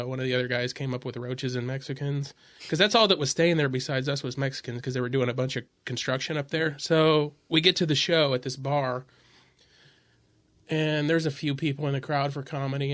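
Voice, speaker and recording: A stand-up comedian hosting a podcast tells road stories from the studio in a casual, profane chat, laughing along and getting loud when acting out other people. His medium-pitched voice is fairly even in intonation and a little fast, with no room sound.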